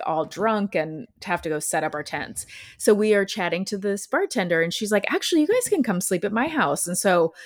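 Chatty woman co-host telling a story. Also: fairly low pitch. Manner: chatty storytelling, acting out quoted voices. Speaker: podcast co-host. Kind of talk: casual chat.

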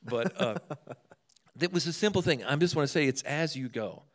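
A man whose voice sits on the high side talks at normal speed, recounting funny ministry stories as a guest. His casual, animated storytelling includes acting out the people in each tale.

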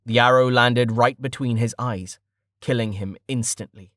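A man's voice: mid-range voice, moderate pace, no room sound. Man narrating an audiobook, dry sound. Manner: steady storytelling. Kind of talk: scripted narration.

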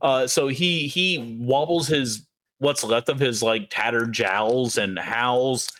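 A man running a tabletop horror game as game master, narrating slowly and laughing often. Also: mid-range voice, a bit bright.

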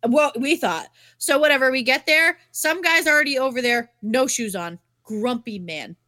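A woman with a high, very bright voice, co-hosting a podcast and telling a story in a loose, animated way. She swears freely and fills her talk with "like." The sound is dry and close. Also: moderate pace, no room sound. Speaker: podcast co-host. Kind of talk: casual chat, storytelling.

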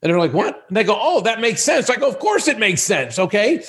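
Lively man in his sixties telling stories. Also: high-pitched, brisk. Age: 60s. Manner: animated storyteller who acts out quoted dialogue. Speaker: guest, sexual wellness business owner. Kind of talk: casual podcast conversation.

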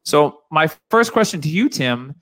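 Man, podcast host, fairly high voice, upbeat, quizmaster. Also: sing-song, a little slow, pushed and bright. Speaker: podcast host running a quiz segment. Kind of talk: casual podcast hosting.

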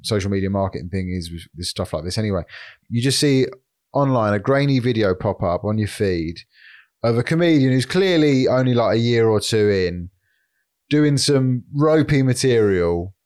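A man co-hosting a comedy podcast, explaining his views in measured casual banter and swearing casually. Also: on the low side, expressive, darkish tone.

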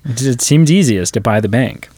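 A man's voice: mid-range voice, expressive, moderate pace, darkish tone, slightly rough, no echo. A man co-hosting a podcast, chatting casually about a film and retelling scenes with quoted lines. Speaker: podcast co-host. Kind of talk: casual movie review chat.

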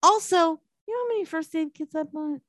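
A woman's voice: extremely high pitch, a little fast, no room sound. A woman co-hosting a casual chat about a movie, swearing and laughing as she acts out its lines. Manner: animated, swears often, laughs a lot, acts out quotes. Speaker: podcast co-host.

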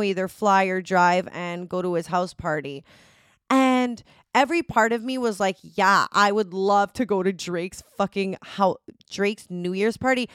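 A woman's voice: medium pitch, smooth, dry recording, studio quality. A young woman hosting a solo podcast, telling a dramatic story in a chatty, casual way, swearing freely and laughing often. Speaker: podcast host.

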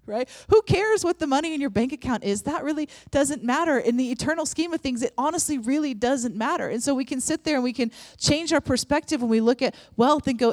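A woman's voice: sits high, brisk, no room sound, studio quality. A woman preaching a sermon and leading prayer in an earnest, conversational way, with frequent restarts. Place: church room with audience.

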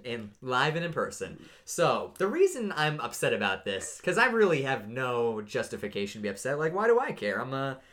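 A man co-hosting a casual sports podcast, ranting with sudden jumps in excitement. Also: moderate pace. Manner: animated ranting, pitch jumps when worked up. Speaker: podcast co-host.

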